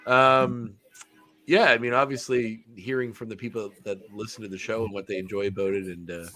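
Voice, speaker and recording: A man's voice: fairly low pitch, steady tone, fast, a bit bright, soft background music. A young adult man co-hosting a podcast, talking in a casual, rambling, self-mocking joking way. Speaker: podcast co-host.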